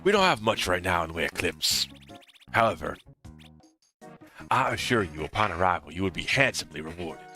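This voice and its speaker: A man voicing a stern young male librarian hero, speaking in a low, measured and formal way. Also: big pitch swings, sharp tone, faint music behind, full character voice. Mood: earnest.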